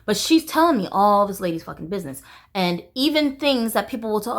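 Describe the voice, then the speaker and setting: A woman's voice: mid-range voice, animated, brisk. A woman vlogger venting in a casual monologue, blunt, profane and exasperated.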